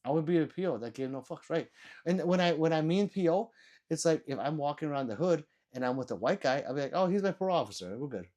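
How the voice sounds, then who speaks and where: A man's voice: on the high side, quick pace, a little mellow. A sleepy man live-streaming, ranting with lots of swearing and mocking, then reading chat messages aloud.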